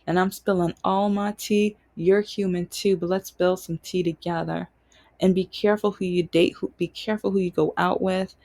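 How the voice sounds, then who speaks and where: A woman's voice: lowish voice, fairly even intonation, moderate pace, darkish tone. A woman hosting her own show, telling a personal story in an emotional, frank way. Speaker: podcast host.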